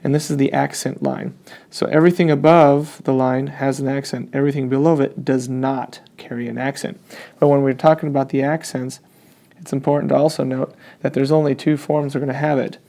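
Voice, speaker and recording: Guy teaching spanish grammar, gravelly low-key voice, keeps asking okay?. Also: steady tone, fairly quick, dark tone. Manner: explains step by step, checks in with "okay?". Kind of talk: classroom grammar lesson.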